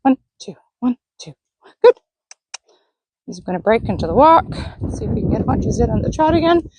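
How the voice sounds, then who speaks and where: A woman training a horse on the lunge line, calmly explaining each step and praising the horse. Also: on the high side, a little fast, slight background noise, rough recording. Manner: calm coaching, talking to the horse. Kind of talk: narrated lunging session. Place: outdoor arena.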